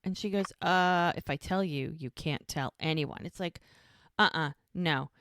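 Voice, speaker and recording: Low-voiced woman recapping a show. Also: a little slow, fairly bright tone, slight background noise. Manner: retells scenes acting out quoted dialogue. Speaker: podcast co-host. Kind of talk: casual recap chat.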